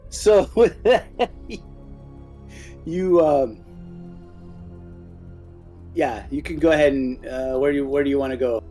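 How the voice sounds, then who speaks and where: A man narrating as game master in a relaxed, chuckling, rambling manner. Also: mid-range voice, takes it slowly, long pauses, soft background music.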